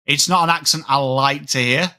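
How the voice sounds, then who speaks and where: A man's voice: on the high side, fairly even intonation, normal speed, sharp tone. Chatty Yorkshire man hosting a footy stream. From England. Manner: chatty, reads and answers chat comments. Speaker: livestream host. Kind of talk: live sports watchalong chat.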